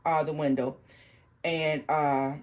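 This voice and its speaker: A tarot channel host reading a viewer's paranormal story aloud, haltingly, with restarts and asides to the viewers. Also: mid-range voice, flat delivery.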